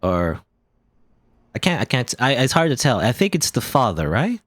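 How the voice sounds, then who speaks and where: A man's voice: medium pitch, sing-song, moderate pace, a bit bright, dry recording. A man casually commentating on a video game as he plays it, chatty and rambling. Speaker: let's play host.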